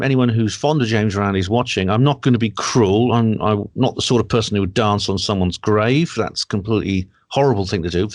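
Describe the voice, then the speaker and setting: A man's voice: medium pitch, dry recording. A man talks through a dry home computer mic on a video call. He explains at length in an easy chat, often restarting his sentences. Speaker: guest researcher. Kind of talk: online panel chat.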